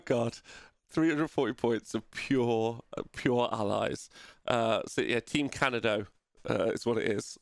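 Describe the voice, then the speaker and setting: Man, host, casual results commentary, gravelly voice, self-correcting ramble, dry close sound. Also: mid-range voice, a bit bright, no room sound.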